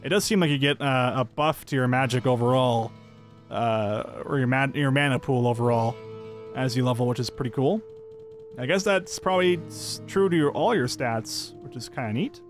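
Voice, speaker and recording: A man's voice: mid-range voice, normal speed, soft background music. A man giving upbeat, chatty let's-play commentary, thinking aloud as he plays. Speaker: gameplay commentator.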